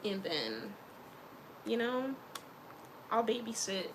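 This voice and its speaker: A woman vlogger chatting casually to camera, animated and playful, with slangy asides. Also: fairly high pitch, a little slow, creaky, noisy background.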